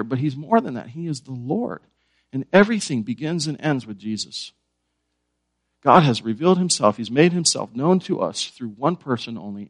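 A man preaches a sermon, asking his listeners questions and repeating his key words. His voice sits at an everyday middle pitch. The sound is close and dry. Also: no room sound. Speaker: pastor.

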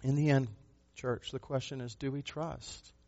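A pastor preaching a sermon, a man who speaks with emphasis, asks rhetorical questions and moves between loud and soft passages. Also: mid-range voice, level tone, a little slow, muffled recording.

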